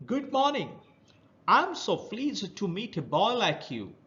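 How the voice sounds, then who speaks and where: A falsely pleasant monster crab from a children's story, all sugary politeness on the surface and mean underneath, as a man puts on the voice. The voice sits high and lilting. The recording is dull and lo-fi. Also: sing-song, takes it slowly, pushed and bright, full character voice. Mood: falsely polite.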